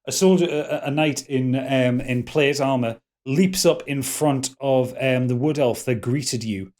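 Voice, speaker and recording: A man running a tabletop game, narrating scenes in a halting, descriptive way and laughing easily. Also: medium pitch, steady tone, a little mellow. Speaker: game master.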